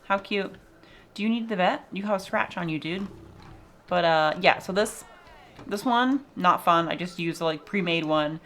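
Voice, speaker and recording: A woman's voice: lowish voice, moderate pace, fairly bright tone, a little hiss or hum. A young woman casually chatting and swearing as she shows off her zoo game, laughing often. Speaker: vlogger showing a zoo game. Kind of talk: casual gameplay chat.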